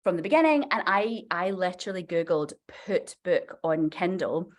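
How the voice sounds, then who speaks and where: A woman in her forties, a novelist guest on a podcast, telling a story in a chatty, animated way full of fillers. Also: lowish voice, moderate pace. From Scotland.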